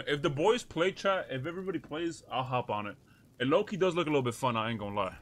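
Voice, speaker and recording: A male streamer casually reacting to clips and thanking viewers, excitable and cussing. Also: fairly high pitch, fast.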